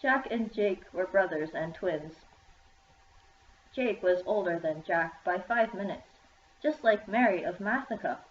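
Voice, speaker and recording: A woman's voice: medium pitch, animated, measured pace. A woman reading her own children's story aloud in a plain manner. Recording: echoey room, dull lo-fi sound.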